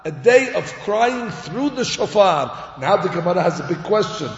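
A man's voice: sits high, expressive, moderate pace, hardly any pauses. A man preaching a storytelling sermon, acting out characters and crying sounds as he teaches. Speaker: rabbi or Torah teacher. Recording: echoey hall, dull lo-fi sound.

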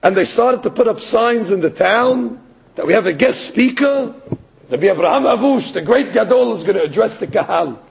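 A man giving a sermon as a rabbi, telling a story in an animated way and rising to emphatic peaks. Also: sits high, moderate pace, creaky, breathy edge, rough recording. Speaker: rabbi or Torah teacher.

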